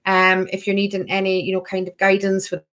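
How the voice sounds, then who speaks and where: A woman's voice: medium pitch, monotone, fairly quick, a bit bright. A woman hosting a spiritual workshop, chatting effusively through a casual live-stream Q&A and answering viewers by name.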